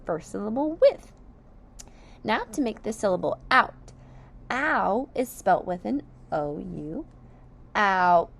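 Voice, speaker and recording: A woman teacher walks young children through sight words and compound words, stretching each sound out very slowly and clearly. Her pitch sits a little high and swings widely as she praises and encourages. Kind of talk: sight word and phonics lesson for young children.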